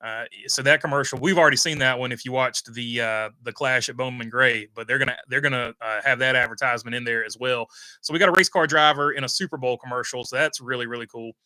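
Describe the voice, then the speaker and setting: A man's voice: medium pitch, quick pace, bright, forceful tone, no echo. A man hosting a casual livestream, reading out viewer comments and rambling with lots of "uh" fillers. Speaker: host reading live chat.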